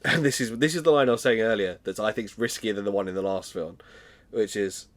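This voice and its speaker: Chatty British man with a lowish voice. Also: quick pace. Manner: chatty storyteller who laughs often. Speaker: podcast co-host. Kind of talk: casual chat recapping a TV episode.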